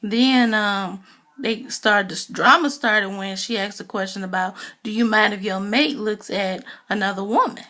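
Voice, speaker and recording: A woman's voice: medium pitch, unhurried, bright, forceful tone. A woman giving a casual, gossipy recap of a reality TV episode, talking loosely with lots of "you know" fillers. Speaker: TV show reviewer.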